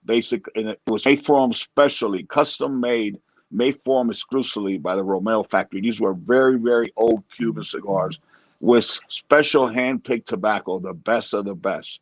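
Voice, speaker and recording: A man's voice: fairly low pitch, normal speed, dry recording, highs cut off. A man co-hosting a casual chat and reminiscing thoughtfully, often circling back to repeat his phrases. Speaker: co-host.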